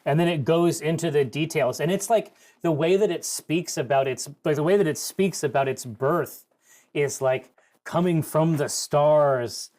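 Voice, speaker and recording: A man playing in a tabletop role-playing game, talking casually and excitedly, often restarting his sentences. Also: fairly high pitch, unhurried. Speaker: player.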